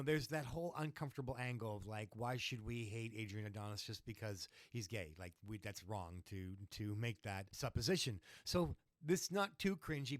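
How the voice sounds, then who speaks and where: A man's voice: medium pitch, dry recording, studio quality. A man co-hosting a podcast in casual chat, recapping old wrestling shows and acting out quotes in a raised voice. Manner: chatty, acts out quotes in raised voice. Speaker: podcast co-host.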